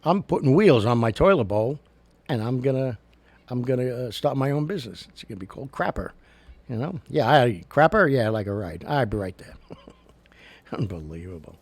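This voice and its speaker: A man's voice: medium pitch, animated, moderate pace, a little mellow. A man hosting a casual talk show, chatting in a loose, jokey way with an American accent and lots of fillers. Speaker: show host.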